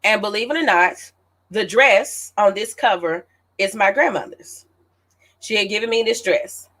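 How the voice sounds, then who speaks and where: Woman, late thirties, author hosting her own event, casual storytelling, animated and chatty, medium pitch. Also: measured pace. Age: late 30s. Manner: animated, chatty, addresses listeners as y'all.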